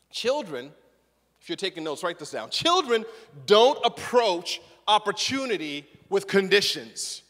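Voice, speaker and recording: High-voiced animated preacher in a hall. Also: male voice. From Zimbabwe. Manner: animated, acts out quotes, repeats words. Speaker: pastor. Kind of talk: sermon. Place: church sanctuary.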